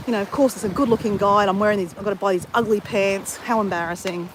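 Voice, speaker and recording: A woman's voice: medium pitch, fairly even intonation, fast talker, noisy background. A woman talking to camera in a casual vlog, blunt and candid, swearing freely. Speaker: travel vlogger.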